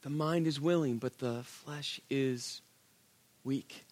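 A man preaching a sermon, telling the story with animated, acted-out quotes and rhetorical questions. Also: medium pitch, slow. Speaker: pastor.

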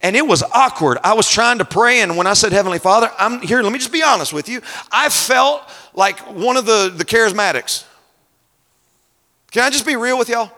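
A man preaching a sermon at a conference, moving between quiet scripture reading and loud, emphatic storytelling. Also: high voice, lively intonation, brisk. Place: large conference hall. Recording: long hall reverb.

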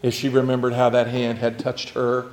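Guy giving a sermon, pretty monotone, storytelling and going quiet sometimes, bit of hiss behind. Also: medium pitch, moderate pace. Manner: reflective storytelling, drops to a near hush at key points. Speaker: preacher.

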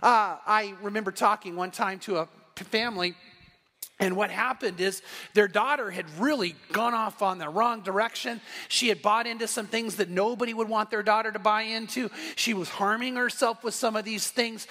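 A man's voice: high voice, normal speed, pushed and bright. A man in his sixties preaching a passionate sermon, emphatic and repeating phrases for emphasis. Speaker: pastor. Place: church sanctuary. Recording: long hall reverb.

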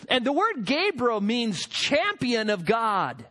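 A man preaching a sermon, emphatic and building to forceful peaks. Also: very high-pitched, huge pitch swings, slow. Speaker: pastor.

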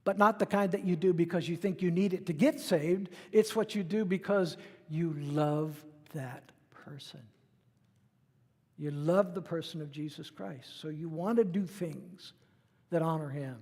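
High-voiced man preaching in a reverberant hall. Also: measured pace, a little mellow. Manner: conversational preaching, acts out quoted voices. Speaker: pastor. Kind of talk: sermon.

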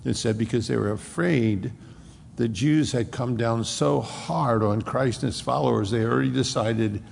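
A man preaching a conversational sermon, retelling a scripture story in a folksy, animated way. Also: medium pitch, gravelly, a little hiss or hum. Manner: folksy and animated, acts out the characters. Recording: echoey hall reverb.

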